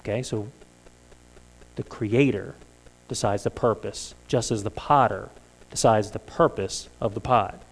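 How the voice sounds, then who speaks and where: A man's voice: on the low side, unhurried, long pauses. A man preaching a sermon in a church, talking conversationally and asking the congregation many rhetorical questions. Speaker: pastor.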